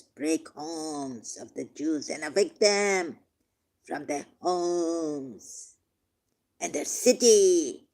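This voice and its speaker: A man reading scripture verses aloud and commenting on them, turning emotional, shifting between quiet musing and loud, drawn-out declaiming. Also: on the high side, sing-song, creaky. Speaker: religious commentator.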